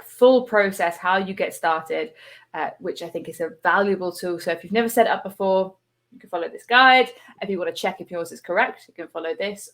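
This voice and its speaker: Bubbly English woman hosting a livestream. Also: fairly low pitch. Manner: bubbly, chatty, enthusiastic. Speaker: host. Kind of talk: livestream show chat.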